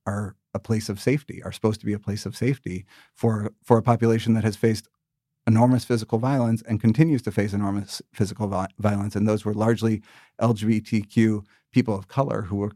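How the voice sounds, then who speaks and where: American man, thirties, low voice, dry close mic, measured interview answers with restarts. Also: fairly even intonation, dark tone, dry recording. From United States. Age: 30s. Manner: measured, thoughtful, with many restarts. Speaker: political candidate, former ambassador.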